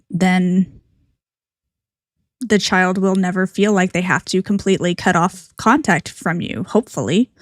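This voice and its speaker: Candid woman live-streaming commentary, low voice. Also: no echo, studio quality. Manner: candid, conversational, many fillers. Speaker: reaction streamer.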